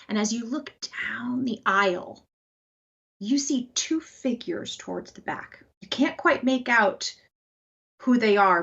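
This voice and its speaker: A woman narrating as game master of a tabletop game, describing scenes with lively energy. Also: fairly high pitch, creaky, husky. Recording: slightly dull lo-fi sound.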